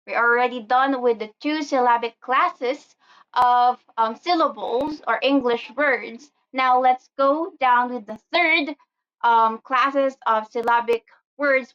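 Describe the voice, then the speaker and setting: A woman with a smooth, resonant voice, pitched a little high, gives an English lesson. She talks slowly and carefully and pauses on her fillers. The audio sounds a bit dull and lo-fi. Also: fairly bright tone. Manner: slow and deliberate, with fillers. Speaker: English teacher. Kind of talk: slow explanatory lesson.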